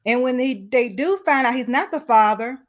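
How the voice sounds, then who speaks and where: A woman's voice: sits high, expressive, moderate pace. A woman guest in a casual talk, speaking frankly and giving blunt advice to young men. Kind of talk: casual chat.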